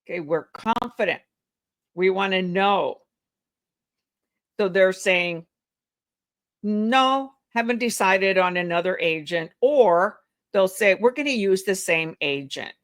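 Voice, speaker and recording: Woman, real estate coach, teaching a call script, slow pace, mid pitch, role-plays both sides. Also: expressive. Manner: acts out both sides of a phone call with shifting intonation; slow, deliberate delivery.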